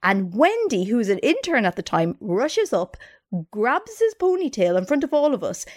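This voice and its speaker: A woman's voice: fairly high pitch, huge pitch swings, normal speed. A woman co-hosting a chatty podcast, animatedly retelling a story and slipping into quoted voices. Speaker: podcast co-host. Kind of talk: casual storytelling chat.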